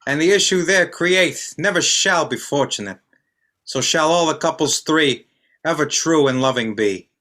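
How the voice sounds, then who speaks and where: A man's voice: a little high, normal speed, pushed and bright. A man reading the parts of a duke and a fairy king in an amateur online play reading, stumbling now and then and repeating words. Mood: solemn. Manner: reads verse with frequent stumbles and repeated words. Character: Theseus, a stately duke, and Oberon, a fairy king.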